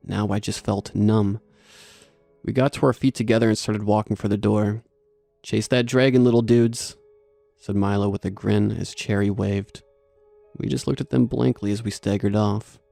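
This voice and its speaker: Gravelly man narrating horror. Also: on the low side, dark tone, no room sound. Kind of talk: scripted narration.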